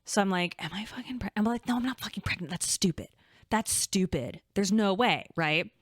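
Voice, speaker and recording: A young adult woman co-hosting a podcast, telling a story in casual chat, animated and chatty, swearing freely and acting out quotes. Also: mid-range voice, brisk, breathy edge, no room sound, studio quality. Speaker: podcast co-host.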